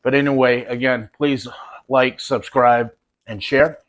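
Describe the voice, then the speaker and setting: A man's voice: medium pitch, steady tone, a little slow. A man hosting a cooking show, talking viewers through a demonstration in a casual, folksy and enthusiastic way.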